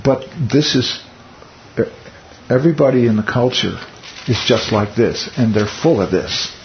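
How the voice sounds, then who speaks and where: Teaching a Bible study conversationally, a man poses rhetorical questions to the group and adds wry, teasing asides. He speaks a little slowly in a medium pitch with lively intonation, on a muffled, lo-fi recording with faint hiss.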